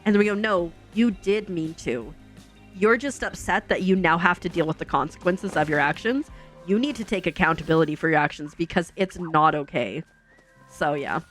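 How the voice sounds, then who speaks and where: A woman's voice: on the low side, normal speed, faint music behind. A woman streamer telling a long family story in casual, chatty talk full of fillers.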